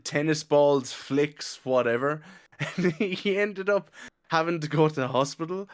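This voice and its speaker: A man's voice: a little high, measured pace, smooth. Rambling man laughing through tales. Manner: rambling, laughing anecdotes with lots of "like". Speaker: podcast co-host. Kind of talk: casual chat.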